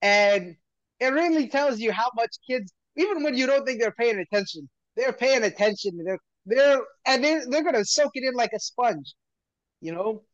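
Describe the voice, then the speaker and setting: A man's voice: very high voice, animated, moderate pace, a bit bright, dry recording. A man co-hosting a podcast, telling a story in casual chat with lots of laughter and restarts. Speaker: podcast co-host. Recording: dry, slightly muffled lo-fi audio.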